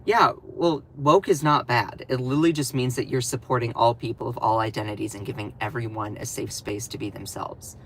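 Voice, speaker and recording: A man with a Southern American accent talks through political news on a casual live stream. His delivery is sassy and animated, full of teasing asides. His voice is bright and a little sharp. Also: medium pitch, a little fast, hardly any pauses, a little hiss or hum, rough recording. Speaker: political commentator.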